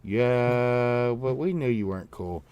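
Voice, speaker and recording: A man's voice: medium pitch, takes it slowly, a little mellow, clear, resonant tone. A man co-hosting a casual livestream chat, rambling and repeating himself with jokes and casual swearing. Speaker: livestream co-host.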